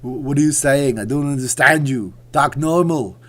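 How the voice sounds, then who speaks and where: A man doing a loud, impatient impression of a male action-star strongman who yells clipped insults. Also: medium pitch, moderate pace, voice pushed up, close to an everyday voice. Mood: irritated.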